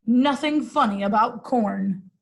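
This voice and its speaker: A woman reading aloud, voicing a serious, humorless male farmer in a storybook with flat, solemn lines. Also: a little high, slow, gravelly. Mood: stern.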